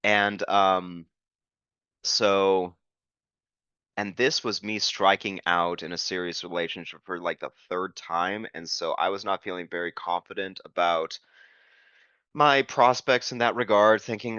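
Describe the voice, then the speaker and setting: A man's voice: deep voice, steady tone, measured pace, pushed and bright, clear, resonant tone, no echo, highs cut off. A man guesting on a podcast, talking in a casual interview in an earnest, playful way.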